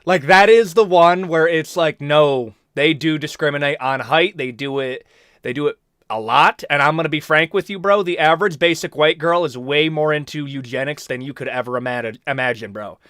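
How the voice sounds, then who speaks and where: Young male streamer, bright, dry close sound, animated slangy rambling. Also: a little high, moderate pace, smooth, no echo. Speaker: host. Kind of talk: casual live-stream chat.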